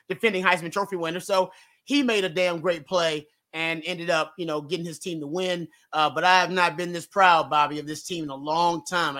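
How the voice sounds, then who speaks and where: A man's voice: fairly high pitch, bright, forceful tone. A man talking as a guest on a postgame football show, emphatic and openly emotional as a fan. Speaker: guest analyst. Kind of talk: postgame sports talk show.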